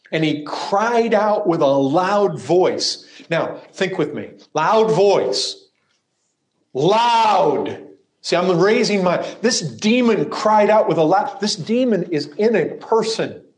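A male preacher delivers his sermon at an unhurried, measured pace. His voice sits a little high for a man. He leans hard into emphatic lines, then drops to hushed asides. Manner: emphatic, swings between loud cries and hushed asides.

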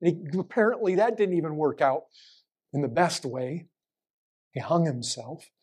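A man preaching a sermon, full of rhetorical questions and swinging between raised, urgent lines and low, hushed ones. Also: normal speed, husky.

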